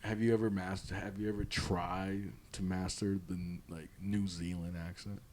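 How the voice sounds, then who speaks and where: A man's voice: deep voice, level tone, moderate pace, darkish tone, slight background noise. A young man co-hosting a casual podcast chat, rambling with lots of fillers and restarts. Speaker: podcast co-host.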